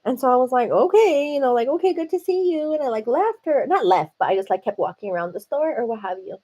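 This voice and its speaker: Her voice sits high and she talks fast, a livestream host spinning a casual tale at home in her seat. She's chatty and animated, with "like" and "you know" all through it.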